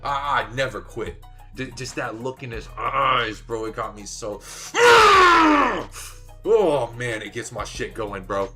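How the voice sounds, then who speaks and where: A man co-hosting a sports betting talk show, excitable, swearing and shouting as he gets hyped. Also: mid-range voice, measured pace, few pauses, loud music behind the voice. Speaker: podcast co-host, betting analyst.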